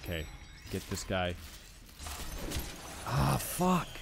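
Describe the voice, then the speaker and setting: A man's voice: on the low side, big pitch swings, takes it slowly, creaky, background noise. A young man giving let's play commentary as he plays, frustrated, swearing and repeating himself. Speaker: gaming channel host.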